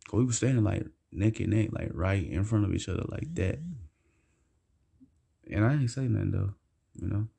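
Gravelly, dark-voiced man telling a story. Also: low-pitched. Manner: laid-back, rambling, slangy, profane storytelling. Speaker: vlogger telling a personal story. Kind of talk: casual storytelling vlog.

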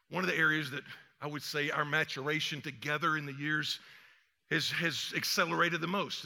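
Older male pastor, bright high voice, lively conversational sermon with long room reverb. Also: creaky. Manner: energetic, conversational, acts out quotes. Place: church sanctuary.

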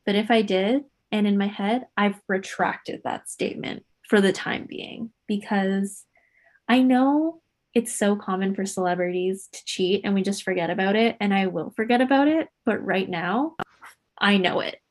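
A woman co-hosting a podcast in casual chat, talkative and acting out what people said. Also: normal speed. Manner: chatty, acts out quotes with jumps in pitch. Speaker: podcast co-host. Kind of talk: casual chat about motor racing gossip.

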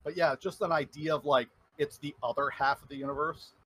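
Husky-voiced, blunt man. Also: a little high, steady tone, brisk, a bit bright. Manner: blunt, opinionated, dry humor. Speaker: podcast co-host. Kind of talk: casual chat.

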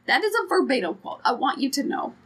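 A woman's voice: sits high, very animated, fast talker, a bit bright, husky. A woman co-hosting a podcast in casual chat, frank, profane and joking. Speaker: podcast co-host.

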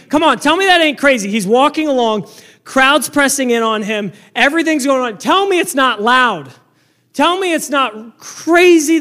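High-voiced, animated man preaching. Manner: animated, conversational preaching with rhetorical questions. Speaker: pastor. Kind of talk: sermon.

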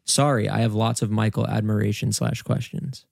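A man's voice: lowish voice, fairly even intonation, moderate pace, gravelly, darkish tone, no room sound, clean studio sound. A young man co-hosting a casual podcast, easygoing and teasing as he runs through listener questions. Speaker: podcast co-host. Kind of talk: casual chat.

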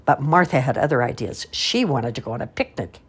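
An older woman, a grandmother, reading picture books aloud with an expressive storytelling cadence. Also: extremely low pitch, brisk, slightly rough. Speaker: storybook reader.

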